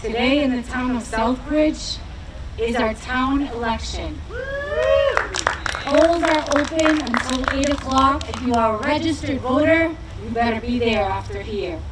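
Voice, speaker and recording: Female rally emcee, high and informal, distant echoey sound, noisy background. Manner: informal, chatty, introduces candidates and speakers. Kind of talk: announcing at a rally. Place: outdoor sports field rally.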